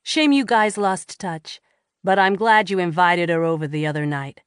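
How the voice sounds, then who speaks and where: A woman's voice: fairly low pitch, moderate pace, clean tone, no room sound, studio quality, lightly acted. A woman voicing a friendly, laid-back young American man of college age with a Boston accent. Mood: easygoing.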